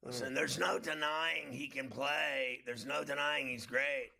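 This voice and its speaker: A blunt, opinionated man co-hosts a sports talk show and scoffs at trades he finds foolish. His voice is heavily gravelly, with a very bright, sharp edge. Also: mid-range voice, steady tone, unhurried. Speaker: sports betting show co-host.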